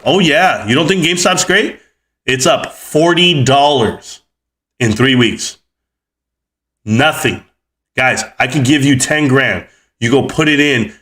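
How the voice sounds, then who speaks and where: A man in his forties rants heatedly on his livestream about the economy and stocks, cussing along the way. His voice is medium in pitch with a fairly bright tone.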